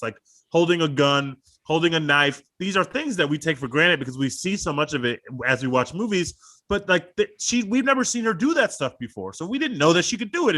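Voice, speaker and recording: A man's voice: fairly high pitch, pushed and bright. A man co-hosting a podcast in casual chat, enthusiastic and rambling, swearing now and then. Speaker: podcast co-host.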